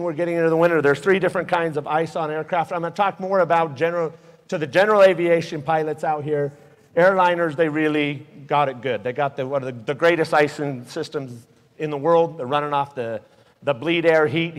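A man's voice: fairly high pitch, a little fast. A man giving an earnest, emotional aviation safety talk to a live audience, telling stories. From Utah. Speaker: guest speaker. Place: hangar event space. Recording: echoey hall with long reverb.

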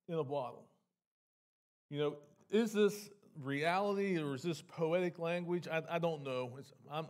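A man's voice: fairly high pitch, darkish tone. Earnest pastor, a man preaching. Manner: earnest, conversational preaching with frequent word repeats and restarts. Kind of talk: sermon. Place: church sanctuary.

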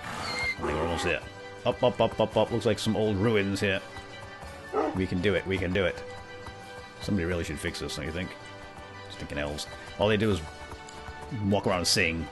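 Over faint background music, a man with a deep voice speaks at a moderate pace, taking long pauses. He's a gamer narrating in character as a clumsy, pompous knight who jabbers comically at his animal companions.

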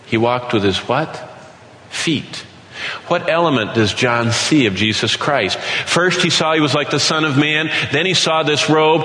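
A middle-aged man preaching a Bible sermon, animated, asking questions and then answering them himself. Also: mid-range voice. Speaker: Bible teacher. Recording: echoey hall with long reverb.

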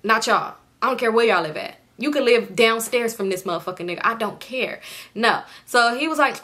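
Young woman vlogger, rapid casual storytime, higher pitched, cussing and animated. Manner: animated, swears freely, jumps into quoted voices.

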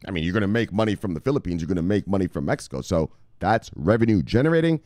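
Male crypto vlogger, rowdy and foul-mouthed, pitch jumping all over, dry close sound. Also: very animated, rapid-fire, darkish tone, no echo. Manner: boisterous and profane, street slang. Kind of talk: casual profane commentary.

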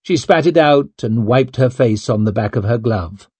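A man reading an audiobook as narrator in a measured, even manner. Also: mid-range voice, husky, no room sound. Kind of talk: scripted narration.

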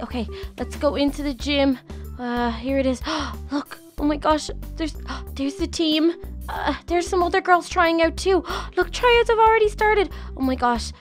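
A woman's voice: high-pitched, a bit bright. Little Kelly, a woman voicing a gushing young schoolgirl. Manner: chatty, self-narrating, gushing exclamations. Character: nervous, eager young schoolgirl. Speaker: channel host. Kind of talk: game roleplay narration.

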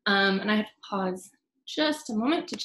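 A woman teaching baby sign language at a storytime, chanting simple words in a gentle sing-song. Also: medium pitch, animated, moderate pace. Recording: echoey room.

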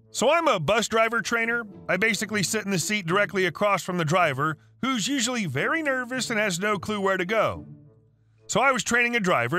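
A high, bright male text-to-speech narrator reads online stories in an even way and says each dialogue tag aloud. His pitch moves around a lot, and faint music plays under the voice. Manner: even reading that speaks the listed dialogue tags aloud. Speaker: story narrator.

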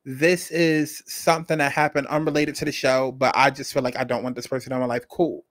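A man's voice: mid-range voice, flat delivery, a little fast, a bit bright, dry recording, studio quality. A man hosting a commentary channel, talking bluntly and straight to his viewers. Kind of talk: casual commentary.

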